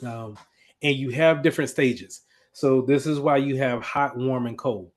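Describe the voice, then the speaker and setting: A man's voice: mid-range voice, a little slow. A man teaching an IT class in a casual, conversational lecture, with frequent fillers and restarts as he explains. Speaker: IT instructor.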